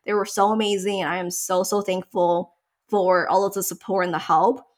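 A woman's voice: mid-range voice, level tone, moderate pace. A young woman in casual chat, sharing a personal story in a talkative, emotional way, with many fillers. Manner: chatty, emotional, tearful at times.

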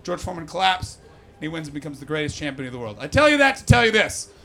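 Stand-up comic, man, bright, slightly high, teasing the crowd, profane. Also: very animated, fast, creaky. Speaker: stand-up comedian. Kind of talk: stand-up comedy set. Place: comedy stage before a live audience.

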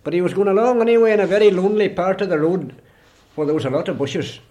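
A man's voice: sits high, fast, dark tone. Donegal man telling a folktale. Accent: Irish (Donegal). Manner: rambling, repetitive "he says". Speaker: traditional storyteller. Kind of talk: folk storytelling.

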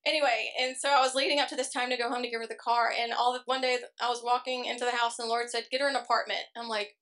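A woman's voice: fairly high pitch, flat delivery, a bit bright. A woman giving an earnest, emotional personal testimony at a church service. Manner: earnest, emotional, quick storytelling. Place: church service before a congregation.

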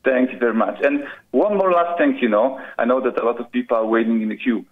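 A man from Poland with a Polish accent, calling in to a show and speaking haltingly, full of "you know". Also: medium pitch. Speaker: caller. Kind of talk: casual call-in chat. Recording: muffled phone call-in line.

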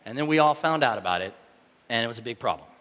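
A man preaching a sermon in a casual, animated way, acting out the reactions of the people in his story. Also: mid-range voice, fast talker, long reverb tail. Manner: animated, conversational, acts out quoted reactions. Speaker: pastor.

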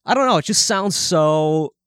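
Animated, swearing young podcast guy. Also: on the high side, normal speed, clear, resonant tone, no room sound, studio quality. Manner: animated, swearing, breaks into sung jingles. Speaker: podcast co-host. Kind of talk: casual chat.

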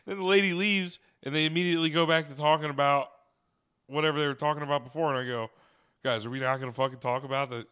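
A man co-hosting a podcast, telling stories in a casual, animated way, swearing and laughing as he goes. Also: a little high, fast, smooth. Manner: animated, swears often, laughs mid-story. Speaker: podcast co-host. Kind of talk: casual storytelling chat.

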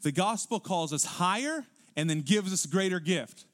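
A male pastor preaching a sermon in a church, animated, rising to loud emphatic peaks and dropping to quiet low asides. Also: normal speed. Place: church sanctuary.

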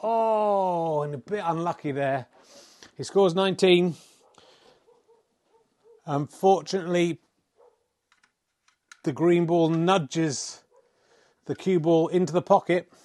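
A man's voice: fairly high pitch, slow pace, long pauses, darkish tone. A middle-aged man giving wry, self-mocking mock sports commentary, swearing in mock exasperation at the play. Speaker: comedy snooker commentator.

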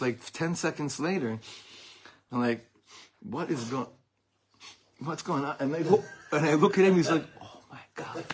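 A middle-aged man, a rabbi giving an informal Torah talk to a small group, telling animated stories with laughter and mixing Hebrew and Yiddish words into his English. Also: medium pitch, slightly rough. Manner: animated, rambling storytelling with frequent laughter.

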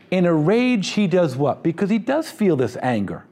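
A man's voice: sits high, sing-song, a little slow, warm tone. Joking conversational male preacher. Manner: humorous, conversational preaching with asides. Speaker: pastor. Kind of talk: sermon.

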